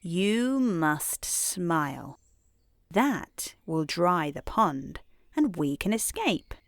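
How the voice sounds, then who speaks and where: Woman reading as a fretful talking frog from a storybook, coaxing, slow and soft, dry. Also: on the low side, very animated, dry recording, heavily acted. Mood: fussy.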